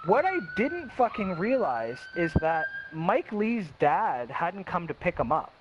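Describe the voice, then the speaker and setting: This young man's voice is high and sing-song as he casually and bluntly relates a personal story, full of swearing and acted-out quotes. He does fast voices for the people he quotes and often starts over. The audio is lo-fi and dull, with a slight hiss.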